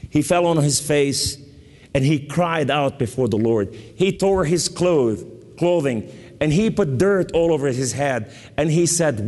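With a southern Lebanese accent, this man delivers an animated, slightly slow sermon full of fervor. Loud proclamations alternate with hushed, solemn stretches, all echoing in long hall reverb.

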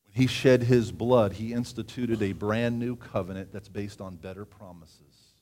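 Animated male preacher. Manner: animated, rises in pitch and volume for emphasis; reads scripture aloud with pauses and asides. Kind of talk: sermon.

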